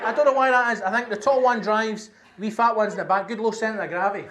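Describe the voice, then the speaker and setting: High-voiced, sweary Glaswegian comedian. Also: male voice, brisk, crowd noise, background noise. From Scotland. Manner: animated, sweary storytelling with acted-out shouts. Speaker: stand-up comedian. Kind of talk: stand-up comedy storytelling. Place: comedy venue with live audience. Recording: live stage mic, audience laughter.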